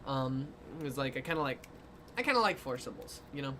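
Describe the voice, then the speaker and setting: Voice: medium pitch, sing-song, brisk, noisy background. An artist chatting casually on a livestream while drawing requests, rambling with lots of fillers, playful and self-mocking, often dissolving into giggles. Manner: rambling with many fillers, breaks into giggling fits.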